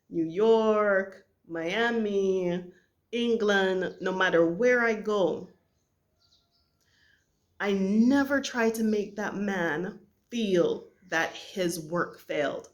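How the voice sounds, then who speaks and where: A middle-aged Jamaican woman, a vlogger with a mid-range voice, tells a personal family story. She speaks earnestly and haltingly, pausing often.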